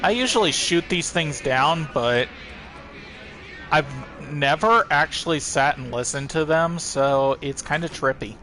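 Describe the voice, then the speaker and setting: A man hosting a let's play, casually thinking aloud and reading in-game documents in a relaxed, chatty way. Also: a little high, measured pace. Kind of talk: casual gameplay commentary.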